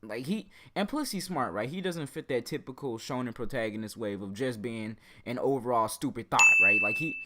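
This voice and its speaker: A young man with a raspy voice, an anime YouTuber rambling in casual vlog commentary, heavy on slang and filler words. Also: medium pitch, normal speed, hardly any pauses, sharp tone. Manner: slangy, rambling, full of "like" and "bro".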